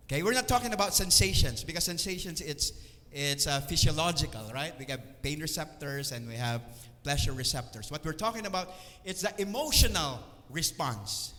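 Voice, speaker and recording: A man's voice: on the high side, expressive, moderate pace, sharp tone. A man with a Filipino accent preaching a teaching sermon. He talks in an earnest, teacherly way, often checks in with "okay?" and acts out everyday complaints in quoted voices. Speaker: speaker at a church service. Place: church hall. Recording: long church hall reverb.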